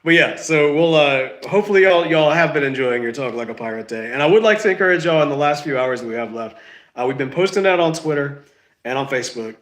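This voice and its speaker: A man talks through his podcast in a loose, rambling way, sick and stuffed up, his voice bright and a little high. He keeps correcting himself as he goes. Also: animated, fast. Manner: rambling, self-correcting, says y'all. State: sick, stuffy, lost sense of smell. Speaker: podcast host. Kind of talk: casual solo podcast chat.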